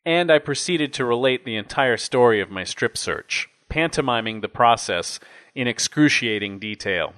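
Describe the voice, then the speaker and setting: Casting note: young man reading a first-person memoir, wry, measured, mid-pitched. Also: expressive, fairly bright tone. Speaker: audiobook narrator.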